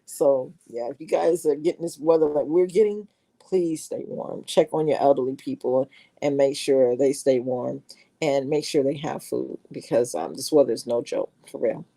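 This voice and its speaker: A woman's voice: rumbling low, normal speed, creaky, warm tone. A middle-aged woman chatting casually and affectionately to her viewers in a folksy, talkative way. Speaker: vlogger greeting her viewers. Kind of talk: casual chat.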